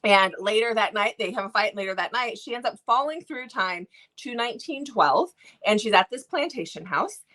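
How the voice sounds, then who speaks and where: A woman's voice: mid-range voice, moderate pace. A woman co-hosting a book review channel, chatting casually and gushing with lots of restarts as she retells a story. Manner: gushing, self-interrupting, animated storytelling.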